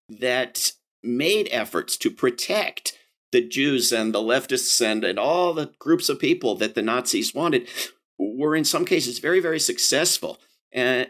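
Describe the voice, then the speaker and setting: A man speaking as an interview guest, talking with passion, starting over often and acting out quoted voices, with a mid-pitched voice. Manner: animated and impassioned, many fillers and restarts, acts out quoted voices. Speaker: interview guest, anti-war activist. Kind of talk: conversational interview.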